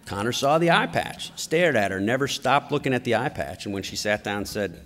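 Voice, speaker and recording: A middle-aged man giving a storytelling political speech at a conference, with an animated, anecdotal delivery. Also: mid-range voice, normal speed. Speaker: conference speaker. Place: large conference hall. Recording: long hall reverb.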